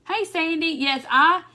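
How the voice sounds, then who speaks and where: On a casual craft live stream, she reads out comments, addresses viewers by name, and keeps breaking into giggles. Her pitch is fairly high and her tone fairly bright, picked up by a phone or webcam.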